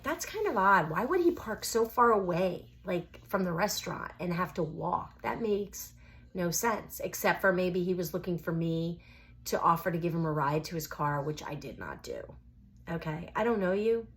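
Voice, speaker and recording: A middle-aged woman vlogging about a date gone strange. Her tone is dry and sarcastic, full of asides, and she mimics what others said to her. Her voice sits at an ordinary pitch for a woman. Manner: wry, sarcastic, quotes people in lively asides. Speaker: vlogger telling a dating story. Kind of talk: casual storytelling.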